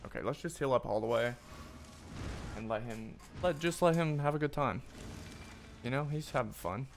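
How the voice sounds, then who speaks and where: An excitable man commentates his own gameplay, swinging from muttered asides to loud yelps and curses aimed at the game. His voice sits in an ordinary middle pitch, with a faint hiss of background noise under it. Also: moderate pace, vocal fry. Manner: excitable, swearing, talks to the game. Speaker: streamer. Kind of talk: gaming commentary.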